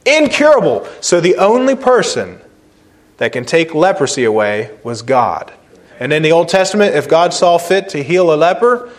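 Male pastor, sermon, fairly high voice, emphatic, repeats phrases, loud stresses then quiet slow points.

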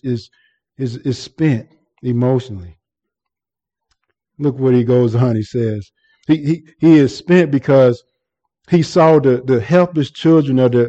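A man's voice: medium pitch, mellow, highs cut off. A man preaching an earnest expository sermon, often repeating words and restarting as he explains the text.

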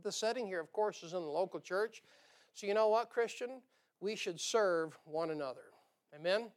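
A man's voice: sits high, moderate pace. A man preaching a sermon, folksy and joking, punctuating his points with "amen?". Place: church sanctuary.

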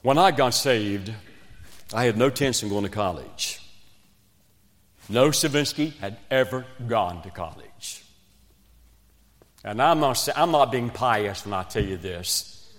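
A man from Virginia, preaching a revival sermon and telling a story with swings between loud emphasis and quiet asides. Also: mid-range voice, lively intonation, a little slow, pauses often. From West Virginia. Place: church sanctuary. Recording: long reverb of a church hall.

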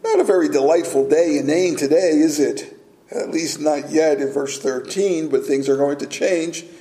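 A man preaching a sermon as pastor, speaking deliberately and pausing for emphasis. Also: a little high, mellow. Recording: echoey room.

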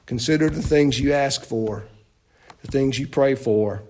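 A man's voice: medium pitch, measured pace, warm tone. A man preaching a sermon in a church, emphatic and full of rhetorical questions and repeated phrases. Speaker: pastor.

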